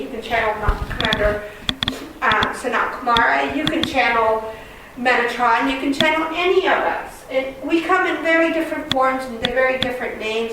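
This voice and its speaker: A woman channeling a kind, loving male cosmic being called Commander Ashtar. She teaches in a calm, earnest, reassuring way. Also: high voice, natural voice. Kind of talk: channeling session. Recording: very echoey room, distant mic, noisy.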